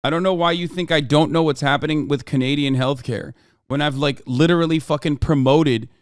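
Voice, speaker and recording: Heated, profane streamer, crisp voice. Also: male voice, fairly high pitch, steady tone, a little fast, dry recording, clean studio sound. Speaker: political streamer. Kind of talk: live-stream reaction rant.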